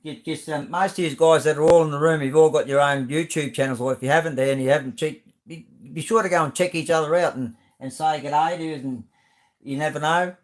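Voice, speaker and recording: A man's voice: fairly high pitch, fairly even intonation, quick pace. An Australian man hosting a live stream, chatting casually as he reads out viewer comments, rambling and friendly with plenty of fillers and restarts.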